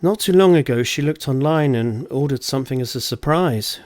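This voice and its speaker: A bawdy, teasing young woman, as a male storyteller puts her on, pitched well above his own low voice. She talks frankly and playfully in an audiobook-style reading, close to a dry mic with no room sound. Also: normal speed, a little mellow, no echo, natural voice.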